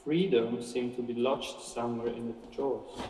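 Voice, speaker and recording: A man giving a measured, expressive reading of a story aloud, with occasional slips. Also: medium pitch, slight background noise. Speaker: reader. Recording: echoey hall from far off.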